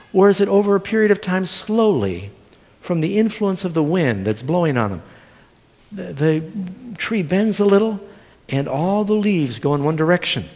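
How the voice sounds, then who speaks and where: Speaking in a slightly high, somewhat mellow voice, this middle-aged pastor delivers a sermon full of funny stories and questions for his congregation. The recording carries the long reverb of the church sanctuary.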